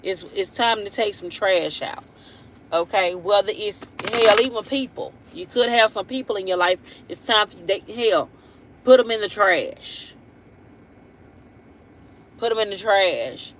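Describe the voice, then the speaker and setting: A woman gives a loose, rambling horoscope reading on a live stream, in a bright, forceful voice at a medium pitch. She talks bluntly and playfully in slangy everyday speech. She keeps checking in with her viewers through tag questions. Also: unhurried, a little hiss or hum, low-quality recording. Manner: rambling and chatty, with laughing asides and repeated tag questions. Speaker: tarot reader and live-stream host.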